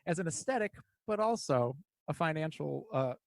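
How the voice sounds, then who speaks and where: A man's voice: fairly high pitch, expressive, normal speed, gravelly, no echo. A man co-hosting a casual podcast, rambling and swearing, acting out the people in his stories. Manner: rambling, profane, acts out quoted people in storytelling. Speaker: podcast co-host. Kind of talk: casual chat.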